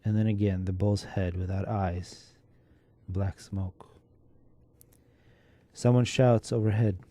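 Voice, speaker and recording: A man narrating a classic short story in a measured, steady reading. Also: on the low side, no echo. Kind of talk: unhurried literary reading.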